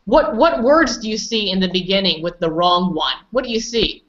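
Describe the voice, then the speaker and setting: A woman's voice: mid-range voice, animated, moderate pace, a bit bright. Female pronunciation teacher, patient and corrective, on muffled lo-fi call audio. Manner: patient, correcting and prompting students. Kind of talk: online class instruction.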